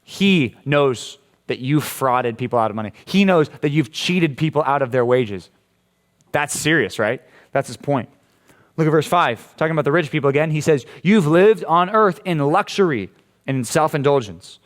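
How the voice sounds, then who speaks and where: A man with an American accent preaching a casual, playful sermon to junior high students, often checking in with questions. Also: animated, normal speed. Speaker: junior high youth pastor. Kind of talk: youth sermon.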